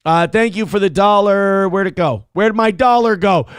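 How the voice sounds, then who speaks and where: High-voiced, profane morning show host. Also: male voice, moderate pace, smooth, no room sound, clean studio sound. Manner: profane, rambling, animated. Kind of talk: casual livestream chat.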